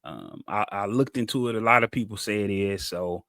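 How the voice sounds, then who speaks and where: Dude cohosting a podcast, tells stories all animated, dry mic. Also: male voice, fairly low pitch, brisk, no room sound. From Cincinnati, USA. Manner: animated storytelling, acts out quotes. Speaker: podcast co-host. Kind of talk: casual chat.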